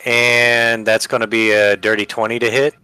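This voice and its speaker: A man playing a tabletop game, calmly announcing his moves and counting up his damage. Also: medium pitch, moderate pace, slight background noise. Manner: relaxed, counts dice rolls out loud. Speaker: player. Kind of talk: casual tabletop play.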